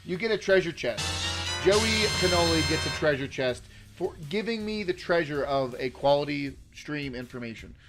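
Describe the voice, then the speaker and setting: A man's voice: on the high side, expressive, moderate pace, fairly bright tone, soft background music. A man hosting a casual political live stream, rambling and chatting with viewers in the chat. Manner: rambling, lots of fillers and restarts, chatty with viewers. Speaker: political livestream host.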